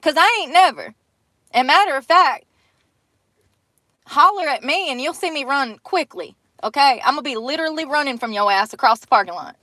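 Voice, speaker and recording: A woman's voice: sits high, lively intonation, normal speed, sharp tone, dry recording. Blunt, cussing young woman livestreaming. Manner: blunt, profane and exasperated. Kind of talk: casual live-stream rant.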